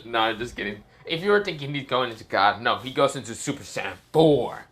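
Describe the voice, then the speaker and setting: A man's voice: mid-range voice, expressive, fairly quick, few pauses, fairly bright tone. A man casually telling an improvised fan story, rambling and swearing, full of fillers and self-corrections.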